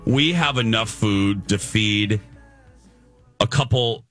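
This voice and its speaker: A man's voice: takes it slowly, a bit bright, soft background music. A man hosting a morning radio show, chatting casually and playfully with his co-hosts. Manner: playful, drops into silly low voices. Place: radio studio.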